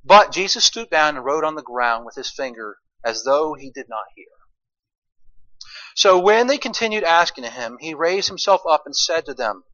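A man preaching a sermon, swinging from quiet asides to loud, emphatic lines and asking his listeners rhetorical questions. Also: on the high side, animated, moderate pace, muffled recording. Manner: asks the congregation rhetorical questions.

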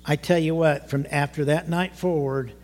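Older male pastor in his sixties, high voice, conversational testimony-style sermon in a reverberant church sanctuary. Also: steady tone, normal speed, darkish tone. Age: 60s. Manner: conversational, rising to emotional outbursts, asks the congregation questions. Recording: long hall reverb.

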